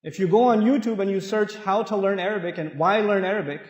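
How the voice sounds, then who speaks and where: A man's voice: high voice, quick pace, lo-fi sound. A man from Pakistan preaching in a large mosque hall, telling stories with humor and acting out the voices of people in them. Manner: animated, humorous, acts out quoted voices. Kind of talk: storytelling sermon. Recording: echoey hall.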